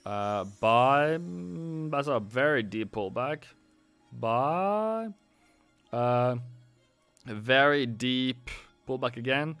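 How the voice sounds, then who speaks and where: Tired male trading host, smooth clear voice, repetitive buy-sell calls, apologetic, faint music behind. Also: mid-range voice, expressive, slow pace, pauses often, fairly bright tone, dry recording. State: worn out. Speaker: trading educator. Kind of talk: casual live-stream chart commentary.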